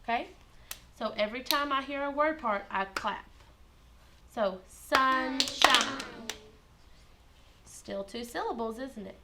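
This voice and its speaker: A woman's voice: fairly high pitch, moderate pace, heavy background noise. A woman teaching kindergarten in a classroom, patient and encouraging, asking the children lots of prompting questions.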